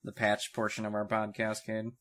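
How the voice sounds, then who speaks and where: Young male co-host: casual, joking, a low voice with a bright, forceful edge. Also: completely flat delivery, moderate pace. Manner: joking, recaps plots with acted-out quotes. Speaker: podcast co-host. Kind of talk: casual podcast chat.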